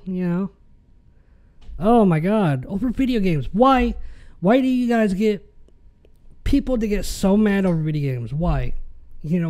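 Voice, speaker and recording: A man's voice: high-pitched, mellow. A man hosting a podcast, ranting in an exasperated, casual way. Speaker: podcast host.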